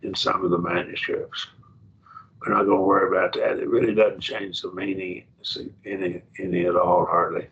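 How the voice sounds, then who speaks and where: A man with a low, gravelly voice teaches a Bible class and works through Greek words step by step. The sound is dull and lo-fi, with a faint hiss underneath. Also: flat delivery, a bit bright. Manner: explains Greek word by word, slow and thinking aloud.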